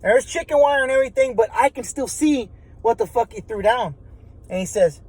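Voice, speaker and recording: A man's voice: very high voice, fairly quick, a little mellow, slightly rough, low-quality recording. Profane man telling a story. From Texas. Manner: profane, rambling, many restarts. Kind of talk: casual spoken storytelling.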